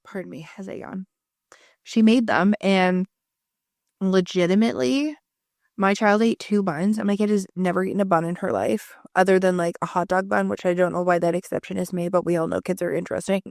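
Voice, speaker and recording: A woman's voice: on the low side, steady tone, brisk, creaky, darkish tone, no room sound, studio quality. A woman in her thirties co-hosting a podcast, telling stories in a chatty way with lots of fillers. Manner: chatty, storytelling, many fillers. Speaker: podcast co-host. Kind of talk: casual chat.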